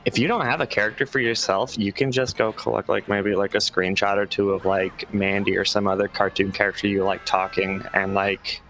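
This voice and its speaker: A streamer chatting casually while playing a game, relaxed, full of fillers and casual swearing. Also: male voice, fairly low pitch, a little fast, few pauses.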